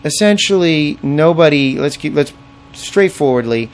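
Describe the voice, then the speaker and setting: A man's voice: a little high, animated, unhurried. A man co-hosting a podcast, rambling in a laid-back, casual way. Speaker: podcast co-host. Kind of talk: casual chat.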